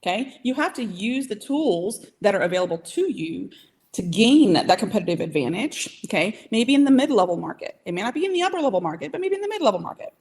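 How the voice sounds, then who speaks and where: Casting note: woman trainer, mid-pitched voice, punchy and motivational, keeps asking "okay?". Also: sing-song, darkish tone. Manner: emphatic, coaching, keeps asking "okay?" and "right?"; direct and motivational, speeds up and slows down. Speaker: AI trainer for small business owners. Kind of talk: live training talk.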